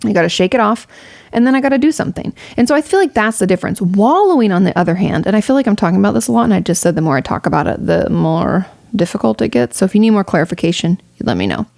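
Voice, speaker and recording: A woman's voice: mid-range voice, lively intonation, rapid-fire, vocal fry, darkish tone, dry recording, clean studio sound. A young woman streamer giving casual, candid advice to a viewer, rambling with fillers and swearing freely. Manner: rambling with many fillers and restarts. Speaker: streamer answering a viewer question.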